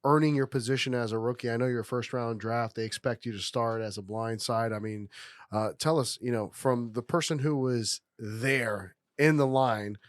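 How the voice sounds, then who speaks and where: A man's voice: mid-range voice, steady tone, normal speed, no room sound, clean studio sound. A man hosting a podcast, asking long, eager, rambling questions in a casual way. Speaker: podcast host.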